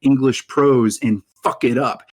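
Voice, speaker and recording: A man's voice: medium pitch, steady tone, a little slow. A man from Baltimore calling into a heated debate, mocking and sarcastic, laughing at the other side. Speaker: guest caller.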